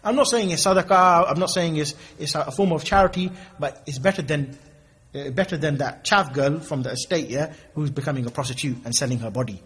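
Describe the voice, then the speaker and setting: A man's voice: fairly high pitch, brisk, breathy edge. A man preaching informally, telling stories and acting out the people in them. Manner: animated storytelling, mimics people in quoted exchanges. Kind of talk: informal sermon with acted-out dialogues.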